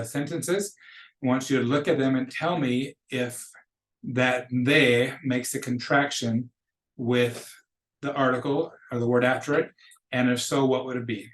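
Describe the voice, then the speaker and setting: A man gives a recorded lesson, patiently working through examples and repeating key phrases. His voice sits in a middle pitch. The room around him is echoey. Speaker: Spanish teacher. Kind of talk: recorded lecture for students.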